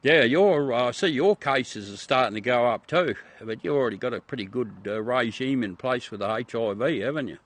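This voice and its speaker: A man's voice: medium pitch, a little fast, few pauses, dry recording. A man from South Australia with an Australian accent, hosting a casual livestream chat with viewers in a blunt, profane way that keeps calling everyone mate. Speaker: livestream host.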